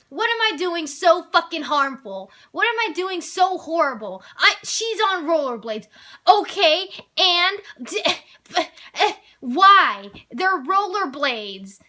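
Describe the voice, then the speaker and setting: A teenage girl with a high, bright voice tells a school story as a casual rant. She sounds exasperated and animated and swears freely. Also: measured pace. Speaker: vlogger telling a story.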